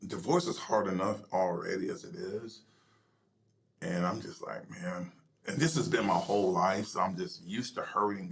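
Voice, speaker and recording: A middle-aged male pastor telling his personal story in an interview, emotional and halting, sometimes dropping to a near whisper. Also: sits low, creaky. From United States.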